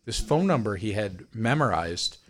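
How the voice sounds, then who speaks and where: A young man casually telling a story on a podcast, lively and full of swearing, acting out the people he quotes. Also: on the low side, moderate pace. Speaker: podcast co-host.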